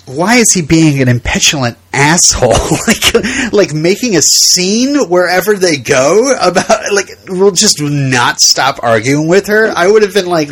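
A man's voice: high voice, animated, fairly bright tone, breathy edge. A man co-hosting a podcast, chatting casually, often laughing and stumbling over his words. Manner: laughs often, halting, acts out lines. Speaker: podcast co-host. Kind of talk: casual chat.

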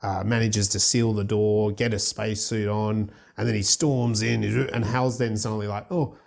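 A man's voice: lowish voice, level tone, normal speed, gravelly. A man in casual conversation, retelling a film scene in a rambling way with lots of fillers and restarts.

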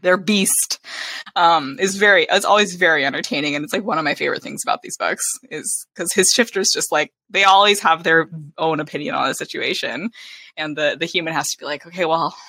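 Bright, dry-voiced chatty woman. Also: deep voice, fairly quick, no room sound. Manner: lively, chatty, with frequent laughter and acted-out quotes. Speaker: book podcast co-host. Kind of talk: casual book-club chat.

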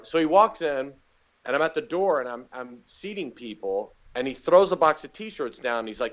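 Comedian dude spinning stories on a podcast, acts out everybody, kinda muffled recording. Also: male voice, mid-range voice, normal speed. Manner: animated storyteller doing quoted voices. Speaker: guest comedian. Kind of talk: casual storytelling.

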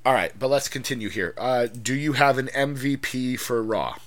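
A man hosting a loose conversational show. His voice sits at an ordinary pitch, and he often stumbles over the first words of a sentence before settling in. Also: a bit bright. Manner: halting, repeats words when starting. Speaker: podcast host. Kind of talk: casual wrestling chat.

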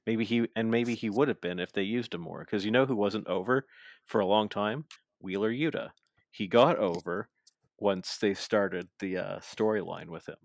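Brief: low-voiced guy, casual co-host, excitable storyteller, dry close mic. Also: normal speed, vocal fry, no room sound. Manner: excited storyteller, swears freely, acts out quotes. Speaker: podcast co-host. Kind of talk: casual wrestling chat.

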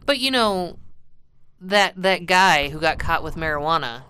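Low-voiced, lively woman co-host. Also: a little hiss or hum. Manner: quick agreeing interjections, blunt, laughs often. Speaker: podcast co-host. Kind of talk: casual chat.

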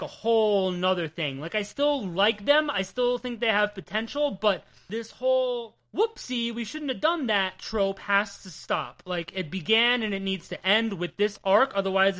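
A young man with a New Jersey accent co-hosting a comic book podcast in casual, animated chat, teasing his co-host and swearing freely. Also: sits high.

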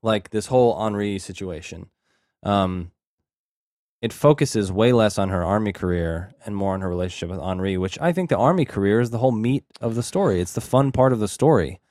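A man's voice: fairly low pitch, a little fast, darkish tone, no room sound, studio quality. A man co-hosting a podcast, casually recapping a movie in a rambling way, often restarting his sentences. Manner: rambling, frequent restarts and hedging fillers. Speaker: podcast co-host.

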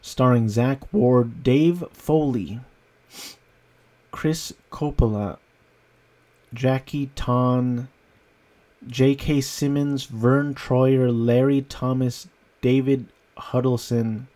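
A man's voice: mid-range voice, fairly even intonation, drawn-out words, long pauses, mellow. A man giving a casual, rambling movie review, amused and often breaking into laughter. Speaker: film reviewer.

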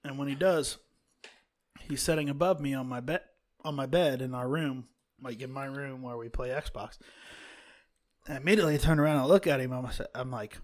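A young man with hiccups telling a casual story about his son, halting and restarting as he goes. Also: medium pitch. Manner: halting, restarts often, apologizes.

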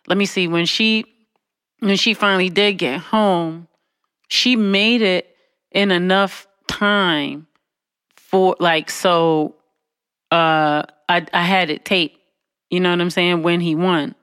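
A woman on a podcast telling a family story in casual chat, animated and laughing, with frequent asides to her listeners. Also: takes it slowly, clean tone, dry recording, studio quality. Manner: animated, laughing, acts out quotes in a high voice; conversational, with frequent "you know what I'm saying".

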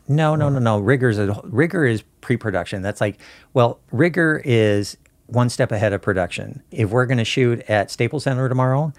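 A man's voice: medium pitch, fairly quick, no room sound. A man in a casual interview, telling film-set stories in an easygoing way and acting out the dialogue. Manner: storytelling, easygoing, acts out dialogue. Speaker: film camera crew guest.

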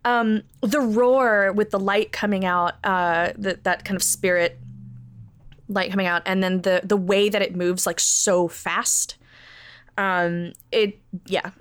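Woman, casual podcast chat, animated, frequent laughter, dry sound. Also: mid-range voice, dry recording. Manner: animated, laughs often, many fillers. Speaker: podcast co-host watching a show for the first time.

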